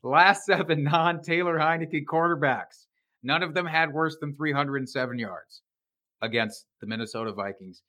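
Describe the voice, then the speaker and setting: A man's voice: fairly high pitch, moderate pace, sharp tone. A man co-hosting a podcast, joking and swearing casually while discussing football. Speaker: podcast co-host. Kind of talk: casual sports betting chat.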